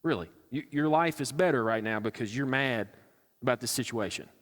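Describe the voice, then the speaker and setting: A man playing a gently sarcastic fatherly God. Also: medium pitch, a little fast, long reverb tail, close to an everyday voice. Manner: sarcastic, coaxing.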